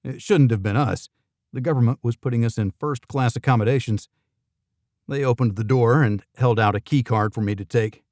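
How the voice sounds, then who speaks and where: A man's voice: medium pitch, moderate pace, darkish tone, dry recording. A man narrating a first-person thriller audiobook in a dry, wry manner.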